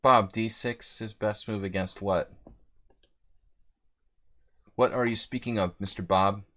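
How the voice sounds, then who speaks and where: A man in Hungary streams a live chess simul, rambling chattily between moves and reading out viewer names. His voice is fairly low, bright and forceful, with fairly even intonation and a slow delivery.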